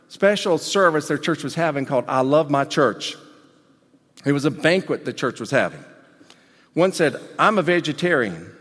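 An animated male pastor preaches a sermon in a hall, swinging between loud emphasis and low asides. The recording carries a long hall reverb.

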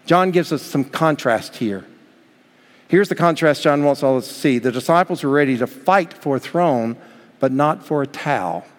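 A man preaching a sermon as pastor, swinging between loud emphatic lines and hushed, slow passages, and acting out quoted voices. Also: a little high, expressive, in a large hall. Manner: acts out quoted voices in the story.

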